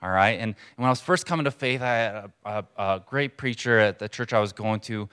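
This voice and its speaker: A man preaching a sermon in a church to a congregation, in a conversational, earnest way with pauses for emphasis. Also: on the low side, fairly bright tone, clear, resonant tone. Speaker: pastor.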